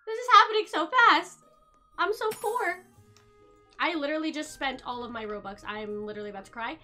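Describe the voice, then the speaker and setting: A woman streamer with a high, bright voice gives casual gameplay commentary, chattering to her viewers and gasping with excitement at each new find. Faint game music runs underneath. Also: a little fast.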